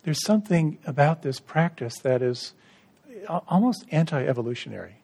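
A middle-aged man giving a gentle, reflective dharma talk to retreat participants, unhurried, with soft restarts. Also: fairly high pitch, expressive, creaky. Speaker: meditation retreat teacher.

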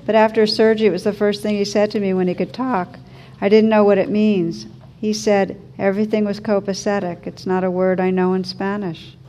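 A woman's voice: medium pitch, level tone, fairly quick, mellow, a little hiss or hum, natural voice. A woman reading the lines of a mother of a young patient in a story, explaining things plainly.

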